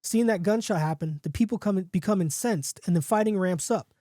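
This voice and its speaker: A man's voice: high voice, brisk, dark tone, no room sound, studio quality. A man hosting a podcast, casually reading a comic horror story aloud with jokey asides. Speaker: podcast host.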